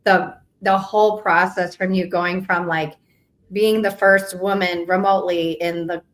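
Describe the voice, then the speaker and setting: A woman's voice: on the low side, little pitch movement, a little slow. A woman hosting a podcast, chatting casually with many fillers. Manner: chatty, lots of fillers like "like" and "you know". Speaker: podcast host. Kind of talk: casual interview chat.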